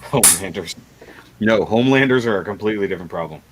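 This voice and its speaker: Chatty low-voiced man hosting a stream. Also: expressive, fast, noisy background. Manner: rambling, chatty, laughs often. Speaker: livestream host. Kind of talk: casual livestream chat.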